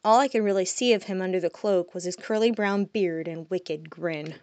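A woman narrating a first-person fantasy story, soft-spoken and dropping quiet on reflective moments. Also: on the low side, normal speed, no room sound. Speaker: audiobook narrator.

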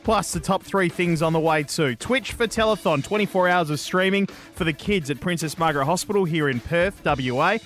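A man's voice: a little high, fairly quick, few pauses, a bit bright, faint music behind. A man hosting a gaming podcast, running through the upcoming segments in an upbeat way. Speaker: podcast host. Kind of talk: podcast intro.

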